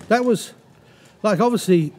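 A middle-aged racehorse trainer tells rambling anecdotes in a casual interview, restarting his sentences and acting out quotes. His voice is high, unhurried, and darkish in tone.

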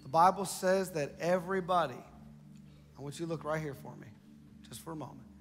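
A man's voice: on the high side, a little fast, big-room sound, a little hiss or hum. A man preaching a sermon as pastor, building emphasis and repeating phrases for the congregation. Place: large church hall.

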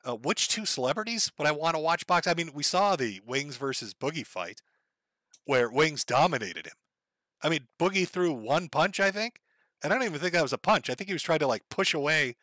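Sardonic man reading chat, bright voice. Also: on the high side, brisk, no echo. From Minnesota. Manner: sardonic, profane, reads messages aloud in a flat wry tone. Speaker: livestream host reading viewer donations. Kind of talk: casual livestream chat.

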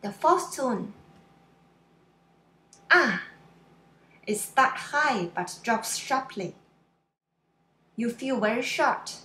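A woman teaching pronunciation in a slow lesson, drawing out syllables and explaining them simply. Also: medium pitch, fairly bright tone, reverberant. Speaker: Mandarin teacher.

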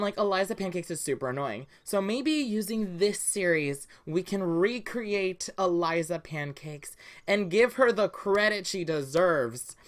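Chatty woman gaming host. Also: fairly low pitch. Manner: chatty, many fillers, giggly. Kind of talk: casual let's play commentary.

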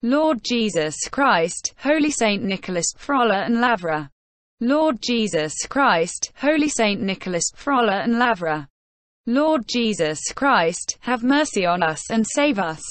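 A woman reading the part of a gentle, pious old peasant soldier, talking in a folksy, homespun way. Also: fairly high pitch, sing-song, measured pace, dry recording. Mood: drowsy.

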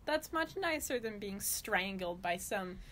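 A woman's voice: mid-range voice, lively intonation, a little slow, a bit bright, a little hiss or hum. A woman co-hosting a podcast, making sarcastic jokes and laughing often. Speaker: podcast co-host. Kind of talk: casual chat, joking commentary.

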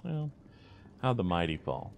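Let's play host, male: rumbling bass, gravelly, laid-back and jokey, hesitant fillers. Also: normal speed, a little hiss or hum. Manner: relaxed, joking, lots of ums and uhs. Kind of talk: casual gameplay commentary.

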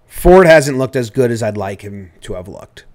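A man's voice: medium pitch, animated, moderate pace, darkish tone. A man co-hosting a casual baseball podcast, loose and profane, joking with his partner. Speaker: podcast co-host. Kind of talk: casual sports chat.

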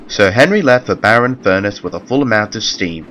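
Male storybook narrator with a low, plain and steady read. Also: a little fast, slight background noise.

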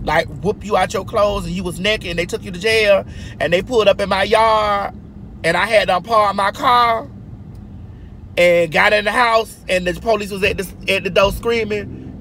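A woman's voice: mid-range voice, moderate pace, background noise. A woman telling stories in a casual vlog from a moving car, brassy and profane, calling her listeners girl and honey. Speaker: vlogger.

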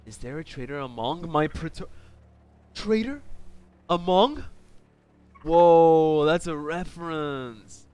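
A man's voice: a little high, fairly even intonation, unhurried, hardly any pauses, dark tone, clean tone. A man streaming a game live, joking and chatting playfully with viewers. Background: game music.

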